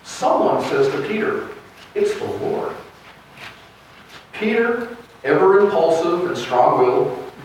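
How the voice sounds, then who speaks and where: In a church sanctuary, a male pastor preaches a sermon, retelling a gospel story like a storyteller. His voice sits on the high side, captured from a distance in an echoey church with a little hiss or hum.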